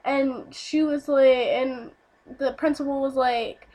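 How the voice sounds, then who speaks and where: A woman's voice: sits high, fairly even intonation, slow pace, darkish tone. A young woman telling a casual storytime vlog, rambling with lots of fillers and swearing.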